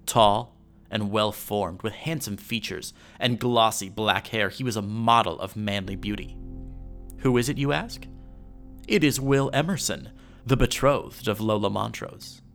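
A man hosting a podcast, reading an old newspaper story aloud in a measured storytelling way. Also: fairly low pitch, creaky, a bit bright, faint music behind.

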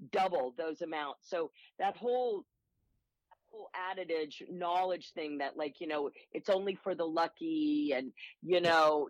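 Woman acting coach, lower voice, enthusiastic and rapid. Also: no room sound, low-quality recording. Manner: enthusiastic, upbeat, rapid anecdotes. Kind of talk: interview conversation.

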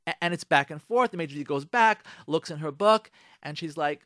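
Animated male comic spinning a story. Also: fairly high pitch, normal speed, no room sound, studio quality. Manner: animated, second-person storytelling, acts out lines. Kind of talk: storytelling comedy bit. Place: radio studio.

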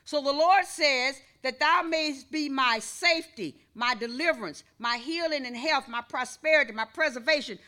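A woman's voice: sits high, normal speed, hardly any pauses, sharp tone. A woman pastor preaching a sermon, praying aloud and then teaching with call-and-response to the congregation.

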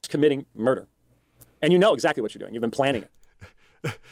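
A man speaks in a halting way, pausing often between phrases. His voice sits at an ordinary male pitch. The recording is dry. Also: expressive, gravelly, no room sound. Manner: halting, with many pauses. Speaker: commentator in a played clip.

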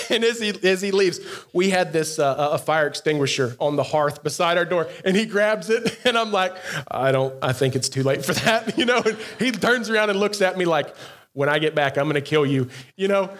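A pastor with a high voice tells a story in a youth sermon. He is animated and laughs often, breaking off for quick asides to the students.

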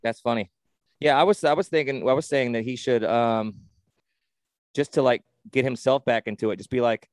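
A man co-hosting a podcast in casual sports chat, rambling and excitable with lots of swearing and restarts. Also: mid-range voice, normal speed, no echo. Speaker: podcast co-host.

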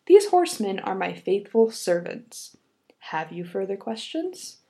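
A woman voicing Baba Yaga, a stern, cryptic old witch, in a read-aloud fairy tale, speaking slowly and deliberately. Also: mid-range voice, sing-song, gravelly, dark tone.

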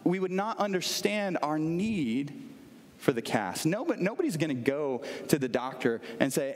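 A man with a fairly high voice delivers a sermon. He keeps it conversational and tells everyday stories. He often stops to put questions to the congregation, and his voice rings with the long reverb of a large hall. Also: sing-song, moderate pace. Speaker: pastor.

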